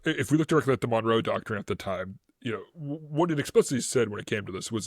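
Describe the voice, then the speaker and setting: A man's voice: mid-range voice, lively intonation, fast talker, few pauses, no room sound, studio quality. A man co-hosting a casual history podcast, rambling through his notes, stumbling over words and laughing often. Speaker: podcast co-host.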